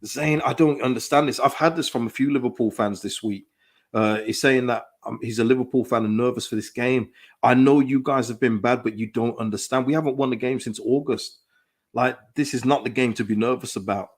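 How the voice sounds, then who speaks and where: A man's voice: mid-range voice, a little fast. A man hosting a live football watchalong stream, chatting casually, reading out viewers' comments and laughing often. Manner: excitable, reads out chat comments, laughs often. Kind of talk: casual live reaction chat.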